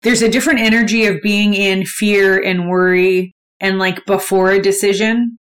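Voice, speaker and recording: A woman's voice: medium pitch, steady tone, moderate pace. Candid, swearing woman podcaster. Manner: candid, swears freely, conversational. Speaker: podcast host. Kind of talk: solo motivational podcast talk.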